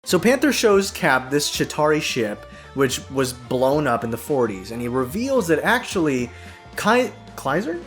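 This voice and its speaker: A man's voice: mid-range voice, sing-song, normal speed, few pauses, soft background music. A man hosting a casual film recap, sarcastic and joking, with frequent swearing. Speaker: video essay host.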